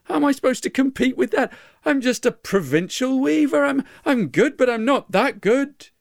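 A man putting on a desperate craftsman from the provinces in a spoken story, his voice jumping up high and strained as he pleads and cries out. The sound is close and dry, with no room around it. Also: animated, drawn-out words, gravelly, no echo, exaggerated voice. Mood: anxious. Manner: frantic, pleading, shouting. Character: desperate anxious male provincial weaver.

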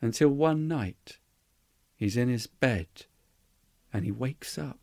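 A male storyteller telling a folk tale at an unhurried pace, earnest and conversational, with homely asides. The recording is dry and close, without room sound. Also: mid-range voice, lively intonation, a little mellow, no echo. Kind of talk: oral storytelling.

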